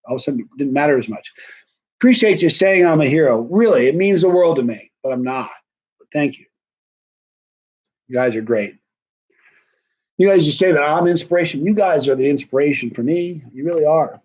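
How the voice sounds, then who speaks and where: A man's voice: fairly high pitch, animated, a little fast, long pauses, a little mellow. Tired, rambling man on a dull stream. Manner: rambling, chatty, self-deprecating. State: tired and wired. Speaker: vlogger answering live chat. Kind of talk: casual live-stream chat.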